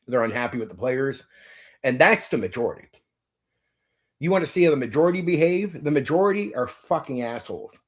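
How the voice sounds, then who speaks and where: A middle-aged man, host of a tabletop game channel, ranting in blunt, profane casual talk and repeating himself. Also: medium pitch. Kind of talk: casual opinion rant to a viewer.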